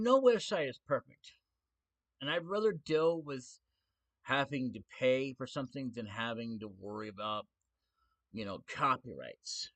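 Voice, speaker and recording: A man's voice: mid-range voice, a bit bright. A man ranting on his own stream in a casual way, sarcastic, defiant and mocking.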